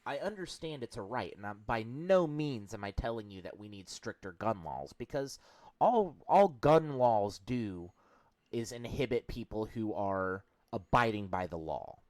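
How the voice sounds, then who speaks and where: A man's voice: fairly low pitch, animated, moderate pace, hardly any pauses, no echo. A man co-hosting a podcast, talking in a blunt, emphatic way with plenty of swearing. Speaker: podcast co-host. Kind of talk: casual chat.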